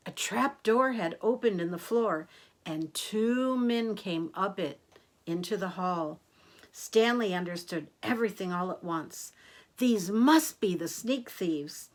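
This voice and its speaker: An older woman reads picture books aloud to children in a slow, unhurried way. Her delivery is gentle and animated at a middle pitch, and she breaks off for friendly asides to her listeners. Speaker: storyteller.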